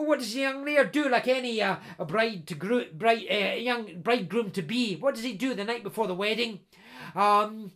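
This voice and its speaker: A storyteller spins a folk tale for his listeners. His voice is high and gravelly, with a lively, chatty delivery. He speaks to the audience directly as he goes. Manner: animated, chatty, addresses listeners as folks.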